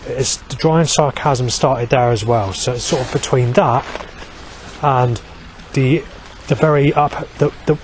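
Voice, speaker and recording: A man's voice: mid-range voice, unhurried, a little hiss or hum. A man talking in a long, rambling vlog monologue, swearing heavily and restarting sentences, with many fillers.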